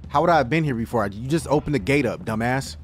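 A man giving excitable, profane let's-play commentary as he plays a game, yelping and shouting when startled. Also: medium pitch, quick pace, soft background music. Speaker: gaming video host.

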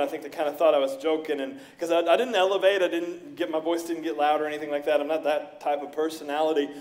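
A middle-aged male pastor preaching in a church, with a fairly high voice. He tells stories in an animated way and acts out the people he quotes. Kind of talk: sermon. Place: church sanctuary.

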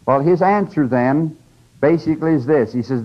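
A man's voice: fairly high pitch, moderate pace. A man giving a conversational, emphatic scripture lecture to a class, often checking in with his listeners. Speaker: religious lecturer. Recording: dull lo-fi 1980s lecture tape.

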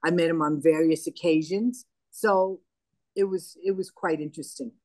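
An older woman recounts anecdotes in a relaxed, conversational way and voices the dialogue as she tells it. Her voice sits on the low side, recorded close and dry with no room sound. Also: moderate pace, dry recording. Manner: anecdotal, animated retelling with quoted dialogue. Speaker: interview guest. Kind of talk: conversational storytelling.

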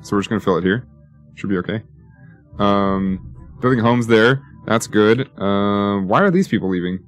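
Low-voiced man rambling over city-building gameplay. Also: normal speed, faint music behind. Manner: rambling, joking, talks to himself while building. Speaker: gaming YouTuber. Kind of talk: casual let's-play commentary.

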